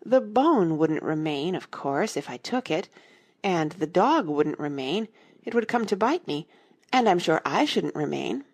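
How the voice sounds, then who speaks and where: A woman's voice: on the low side, very animated, unhurried, a little mellow, exaggerated voice. A woman voicing a polite but argumentative young girl in a storybook reading, talking eagerly. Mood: earnest.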